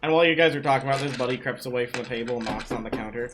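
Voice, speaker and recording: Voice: medium pitch, racing, fairly bright tone, soft background music. A game master narrating a tabletop game in a chatty way, with many fillers.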